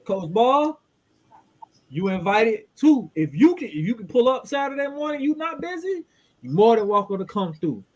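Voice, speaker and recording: A man's voice: extremely high pitch, normal speed. A man co-hosting a podcast, telling stories and roasting his friend in loose slangy banter. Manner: animated storytelling, roasting, slangy. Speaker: podcast co-host.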